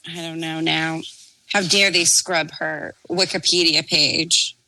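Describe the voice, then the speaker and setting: A woman co-hosting a casual comedy podcast, speaking in a dry, sarcastic, drawn-out way. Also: sits low, fairly even intonation, vocal fry, sharp tone, no room sound, low-quality recording. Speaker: podcast co-host.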